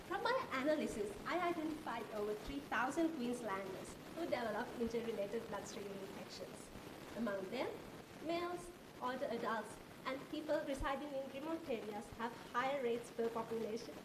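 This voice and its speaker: A woman giving a prepared research pitch at a conference, with a steady, recited delivery. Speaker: research presenter. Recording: distant, echoey, noisy room.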